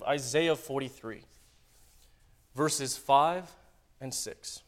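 A man preaching a sermon, swinging between loud dramatic readings and quiet joking asides to the congregation. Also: on the high side, slow, pauses often.

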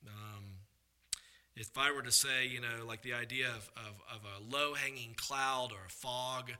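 Bright-voiced man preaching a sermon. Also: mid-range voice, steady tone, measured pace, smooth, low-quality recording. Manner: earnest preaching, swings between loud emphasis and quiet asides; repeats words and restarts mid-sentence. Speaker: pastor.

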